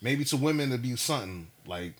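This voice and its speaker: A man telling a story in a casual chat, animated and profane, full of slang. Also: mid-range voice, a little fast, breathy edge.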